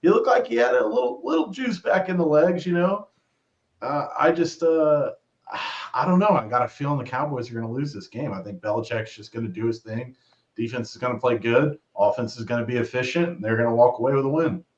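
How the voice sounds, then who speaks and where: A man's voice: medium pitch, animated, fairly quick. Man guest on dull, roomy stream audio. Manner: easygoing, thinking aloud. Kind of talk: casual sports talk stream.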